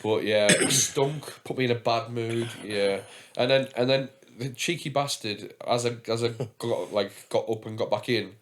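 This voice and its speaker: A man's voice: medium pitch, normal speed, few pauses, a little hiss or hum. Chatty young man hosting a podcast. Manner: chatty, rambling storyteller with frequent fillers and swearing. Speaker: podcast host. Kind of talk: casual podcast chat.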